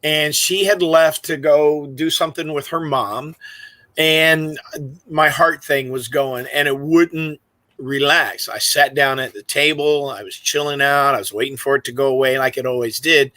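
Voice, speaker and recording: A man with a fairly high, bright, forceful voice, chatting casually as a podcast co-host. He tells long personal stories and laughs easily. His voice comes through dry and close on a video call. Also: fairly even intonation, moderate pace, dry recording, rough recording. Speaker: podcast co-host and park ranger. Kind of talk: casual chat.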